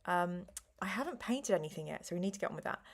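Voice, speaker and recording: A middle-aged woman hosting a live stream, chatting casually and a little slowly because she is tired, with rambling asides and apologies. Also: fairly low pitch, expressive, vocal fry. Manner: slow, rambling, chatty with frequent ums and apologies. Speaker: live stream host running a gamebook play.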